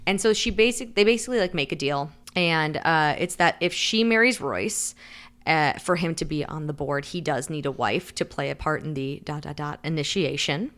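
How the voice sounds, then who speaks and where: A woman's voice: low voice, moderate pace, fairly bright tone. A woman co-hosting a podcast, casually retelling a story and saying "like" a lot while briefly acting out the characters' lines. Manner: chatty, heavy use of "like"; acts out quotes in shifting voices. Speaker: podcast co-host. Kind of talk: casual book recap chat.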